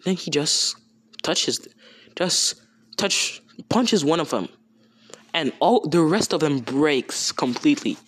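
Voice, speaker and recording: A man's voice: fairly high pitch, expressive, slow, fairly bright tone, breathy edge, dry recording. A young man improvising a fan story in a rambling, slangy, casual way with many restarts.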